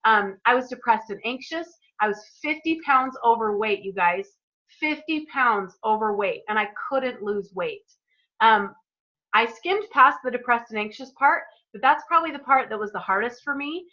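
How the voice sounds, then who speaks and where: A woman's voice: on the high side, expressive, moderate pace, pushed and bright, muffled recording. A woman talking casually to a group on a call, chatty and earnest, openly emotional as she shares her story. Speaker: product presenter.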